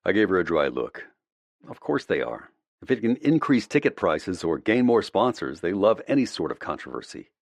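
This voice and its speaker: A man narrating a first-person audiobook in a measured, reflective way, close to the mic. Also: low voice, sing-song, vocal fry, dry recording.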